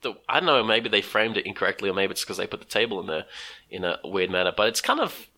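Lively Australian man with a bright voice. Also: quick pace. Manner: animated, laughs often, acts out quotes in a high voice. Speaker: podcast co-host. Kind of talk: casual chat.

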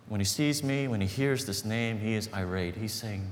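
A man's voice: fairly low pitch, a little fast, few pauses. A man preaching as a pastor, telling a story in an earnest, conversational way and building to emphatic points. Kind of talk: sermon storytelling. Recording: long hall reverb, faint background noise.

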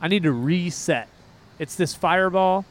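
A man with a fairly high speaking voice co-hosts a music podcast in loose, casual chat. He rambles with excitable energy and keeps wandering off into tangents before finding his way back. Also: normal speed, slight background noise. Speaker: podcast co-host.

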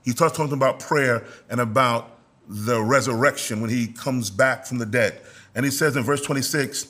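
Animated pastor preaching with call-and-response. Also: male voice. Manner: rises to loud, high exhortation; slows down to stress key words. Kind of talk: sermon.

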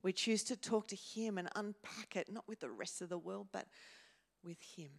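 A woman pastor preaching a sermon in a church, slow and measured, pausing and repeating words as she goes. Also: mid-range voice, vocal fry. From Australia. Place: church hall.

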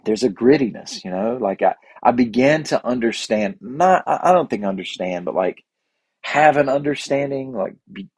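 A man's voice: medium pitch, lively intonation, moderate pace, breathy edge, no echo. A man casually recounting a trip in a rambling, enthusiastic way, with frequent restarts and asides. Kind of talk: casual storytelling.

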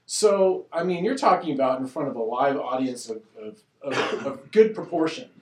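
A man in casual chat, telling a story about himself in a halting, self-deprecating way. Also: mid-range voice, animated, echoey room, distant mic.

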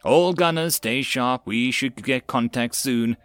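A man's voice: mid-range voice, a little slow, fairly bright tone, dry recording, faint music behind, close to an everyday voice. A man voicing a tense male sergeant in an audiobook, barking terse orders over the radio. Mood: commanding.

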